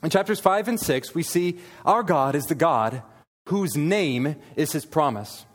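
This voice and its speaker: A man's voice: fairly high pitch, animated, measured pace, long reverb tail. A male pastor preaching an earnest expository sermon, reading scripture aloud to a church congregation.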